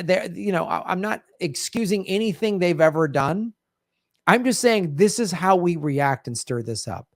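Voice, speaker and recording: A man's voice: high-pitched, dry recording, studio quality. A man hosting a political commentary show, talking emphatically, with many restarts as he reacts to clips. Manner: emphatic, rambling, talks over clips with restarts.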